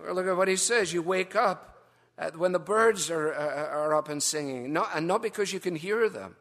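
A man preaching a sermon, wry and storytelling, with gentle humour, dropping soft and low for emphasis. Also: moderate pace.

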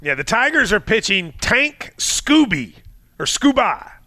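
A man's voice: high-pitched, no room sound. A man co-hosting a sports talk show, talking casually and playfully, arguing over picks with animation. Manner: animated, playful, quick to argue.

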